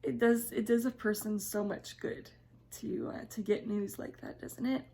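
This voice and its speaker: Chatty woman with a gravelly voice. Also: mid-range voice, fairly even intonation, moderate pace. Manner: chatty, emotional, slips into soft whispers. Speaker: vlogger. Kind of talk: casual home vlog chat. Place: home kitchen.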